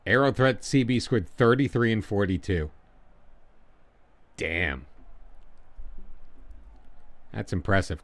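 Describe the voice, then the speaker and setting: An American man casually commentating while he streams a football management game and chats with viewers, rambling and excitable. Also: lowish voice, slow pace, long pauses, soft background music. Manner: chatty, rambling, excitable during goals.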